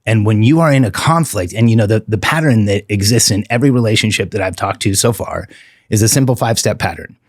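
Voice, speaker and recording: A middle-aged relationship coach appears as a podcast guest, speaking candidly in a low, husky voice that sounds earnest and heartfelt. He slows down to lean on the words that matter most. The recording is close and dry, with no room sound and no echo.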